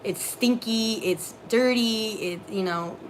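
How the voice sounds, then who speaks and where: A young woman co-hosting a casual live stream, telling animated work stories with many fillers. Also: a little high, slow, a little hiss or hum. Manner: animated storyteller, lots of fillers. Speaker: co-host, former theme park custodian.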